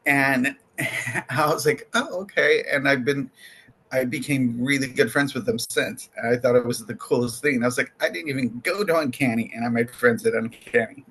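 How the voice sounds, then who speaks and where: A man's voice: mid-range voice, moderate pace, slight background noise. A man guesting on a podcast, chatting casually and acting out conversations as he tells stories, laughing often. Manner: animated storyteller who acts out quoted exchanges, laughing often. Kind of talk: casual chat.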